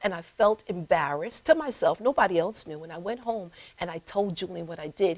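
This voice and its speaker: A middle-aged woman hosting a talk show, telling a personal story with animated delivery and acted-out voices. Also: medium pitch, normal speed, hardly any pauses, rough recording. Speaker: host. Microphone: live stream.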